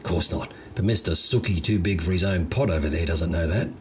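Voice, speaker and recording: A man's voice: low voice, brisk, a little hiss or hum, close to an everyday voice. A man voicing an easygoing, unflappable Australian gardener with a drawling, slangy way of talking. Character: laid-back Australian gardener, unflappable bloke.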